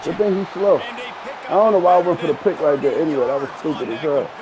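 A man streaming a football video game, trash-talking loudly and boastfully with plenty of profanity. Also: a little high, animated, quick pace, a crowd in the background, poor audio. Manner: boastful, profane, loud, laughs a lot. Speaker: gaming streamer. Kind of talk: loud trash-talking gameplay commentary.

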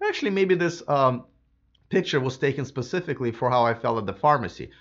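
A man hosting a live stream, chatting casually with lots of fillers and restarts, his voice a bit hoarse from a sore throat. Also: medium pitch, animated, fairly quick, a bit bright, muffled recording. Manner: rambling, many fillers and restarts. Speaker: livestream host.

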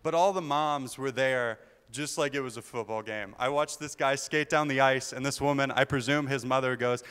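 Young guy doing stand-up on stage, talks quick, smooth clear voice, big hall echo. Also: medium pitch, a bit bright. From Kentucky. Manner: chatty, self-deprecating, slips into mock official voices. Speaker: stand-up comic and emcee. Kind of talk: stand-up comedy set. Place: live theater stage with an audience. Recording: long hall reverb from a theater stage.

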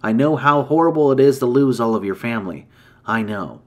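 A man voicing an ancient, grave female dragon in human form, speaking in a measured, formal way in a campfire story. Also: medium pitch, expressive, lightly acted. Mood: sorrowful. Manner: solemn, measured, formal speech.

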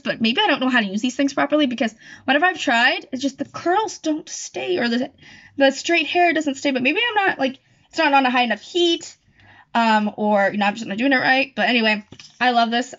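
Rambling high-voiced young woman, lo-fi. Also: fairly bright tone. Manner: rambling, chatty, self-correcting. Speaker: YouTuber. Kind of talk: casual chat. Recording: dull lo-fi recording.

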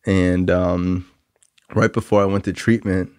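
A man's voice: sits low, flat delivery, unhurried, a little mellow, clear, resonant tone, no room sound, studio quality. A young man in his twenties hosting a podcast, telling a long personal recovery story in a rambling, candid, self-critical way, full of "like" and "um" fillers. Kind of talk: casual storytelling monologue.

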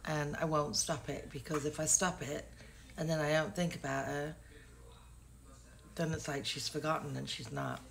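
A woman's voice: low-pitched, level tone, moderate pace, gravelly, a little hiss or hum. An English woman in her sixties, chatting casually and rambling in a self-deprecating way to her vlog camera. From England. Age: 60s. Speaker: vlogger.

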